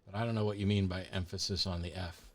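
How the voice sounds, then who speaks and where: A man's voice: deep voice, steady tone, quick pace. A middle-aged man streaming a game, casually talking to chat, frustrated and sweary with dry asides. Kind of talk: casual livestream commentary.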